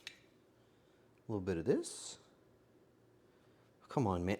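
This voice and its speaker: A man's voice: medium pitch, very animated, slow pace, pauses often, a little mellow. A man streaming a game live, talking to himself with frantic, joking commentary.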